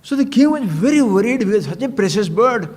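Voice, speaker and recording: A swami gives a spiritual discourse in a high, sweeping voice. He tells his stories with animation, asks rhetorical questions and jabs bluntly at his listeners. The recording carries a long reverb from a hall. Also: animated, a little fast, a little mellow. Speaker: swami giving a spiritual talk. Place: retreat camp hall.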